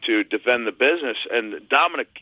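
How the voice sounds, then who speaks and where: A man's voice: medium pitch, animated, fairly quick, sharp tone, no echo, muffled recording. A man as a podcast guest, talking earnestly and reflectively, with lots of "you know" and "uh". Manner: earnest, reflective, many fillers. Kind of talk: casual interview chat.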